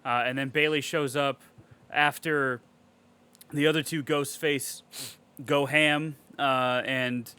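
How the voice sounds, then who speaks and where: Bright-voiced excitable man. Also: medium pitch, slow pace, smooth. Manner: excitable, heavy swearing, animated storytelling. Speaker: podcast co-host. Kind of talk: casual movie recap chat.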